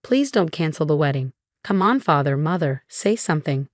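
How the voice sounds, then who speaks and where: A woman's voice: deep voice, animated, moderate pace, dry recording, studio quality. A woman voicing a scornful young sister who turns pleading and unsure, in a storybook narration.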